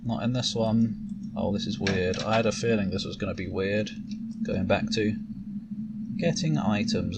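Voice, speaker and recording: A man's voice: fairly low pitch, moderate pace, gravelly. A man giving casual, sarcastic commentary as he plays a game, reading the game's text aloud and swearing now and then. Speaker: gameplay commentator. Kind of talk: casual let's-play commentary. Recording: loud noise, distant mic.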